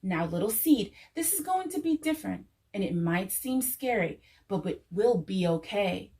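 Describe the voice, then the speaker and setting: A kind, gentle farmer speaks calmly and reassuringly, as a woman storyteller reads his lines. He is warm-hearted and patient, a figure in a children's picture book. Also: medium pitch, moderate pace, far from the mic, lightly acted. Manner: calm and reassuring.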